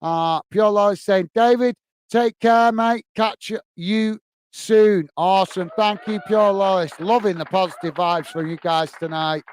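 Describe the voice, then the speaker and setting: A man's voice: high-pitched, fairly even intonation, measured pace, clear, resonant tone, no room sound. A man hosting a football fan livestream, casually reading out viewer comments in a friendly, chatty way, full of "uh" and "mate". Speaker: football channel host.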